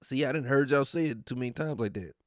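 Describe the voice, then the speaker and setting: A man's voice: medium pitch, quick pace, no room sound, studio quality. A man hosting a podcast in a casual, profane rant, mocking and often laughing. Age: adult. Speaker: podcast host.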